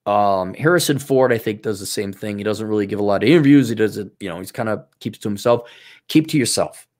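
A man's voice: fairly low pitch, fairly quick, darkish tone. A man giving casual, blunt advice in a rambling way, often stopping and restarting his sentences.

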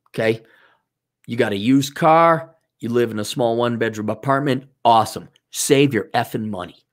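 A man giving casual, blunt advice in a rambling way, often stopping and restarting his sentences. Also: mid-range voice.

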